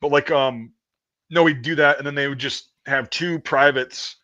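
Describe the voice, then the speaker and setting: A man's voice: mid-range voice, fairly even intonation, moderate pace, bright, forceful tone, muffled recording. A man chatting casually as a podcast host, telling profane army training stories with lots of swearing. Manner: profane, storytelling, acts out a drill sergeant. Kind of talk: casual chat about army basic training.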